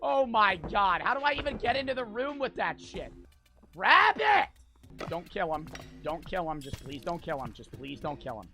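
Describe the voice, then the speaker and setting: A man giving frantic gameplay commentary, swearing, talking to himself and breaking into sudden loud outbursts. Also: high voice, moderate pace, soft background music. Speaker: gaming streamer.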